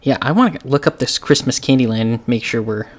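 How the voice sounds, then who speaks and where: A man's voice: mid-range voice, fast talker. Laid-back man hosting a podcast. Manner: laughs easily, relaxed banter. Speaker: podcast host. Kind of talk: casual chat. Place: loft converted into a studio.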